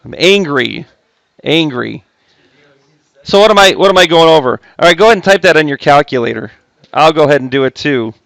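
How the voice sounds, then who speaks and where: Male math teacher, slightly high voice, chatty jokey asides, dry classroom sound. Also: rapid-fire, fairly bright tone, no echo. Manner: chatty, joking asides to students. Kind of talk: recorded classroom lesson.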